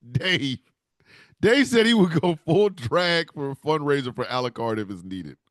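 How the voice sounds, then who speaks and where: A man's voice: on the high side, animated, slow, long pauses, no echo, clean studio sound. A man hosting a podcast in a casual, rambling and heartfelt way, often restarting his sentences. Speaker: podcast host. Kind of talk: casual solo talk.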